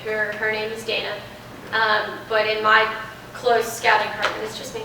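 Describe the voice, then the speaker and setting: A young woman, speaking as a guest in a classroom Q&A, chats animatedly in a medium-pitched, monotone voice at a moderate pace, her tone pushed and bright. She is recorded from a distance in an echoey room with faint background noise.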